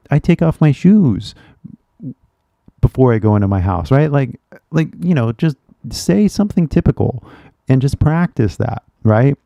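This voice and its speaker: A man's voice: medium pitch, creaky, mellow, no room sound, muffled recording. A man talking casually to viewers on a live stream about learning English, rambling and often asking "you know what I mean?". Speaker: English-teaching YouTuber. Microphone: webcam setup at a computer.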